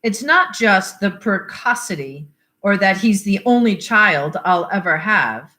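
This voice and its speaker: A woman's voice: mid-range voice, animated, measured pace, pushed and bright. A woman reading the lines of a blunt, bitter middle-aged father grieving for his sick son, in her own voice with little change. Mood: somber. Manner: blunt, swears, wry about odds.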